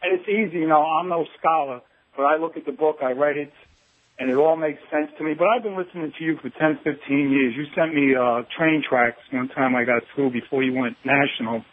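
A man's voice: a little high, fairly even intonation, a little fast. A man calling in to a radio show, speaking earnestly and admiringly in a rambling way. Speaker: caller. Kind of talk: phone-in call. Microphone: telephone. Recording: phone line.

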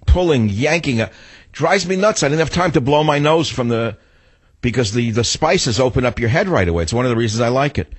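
Husky ranting New man. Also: mid-range voice, animated, brisk, no room sound. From New York. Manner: blunt, ranting, digressive. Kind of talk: opinionated storytelling monologue.

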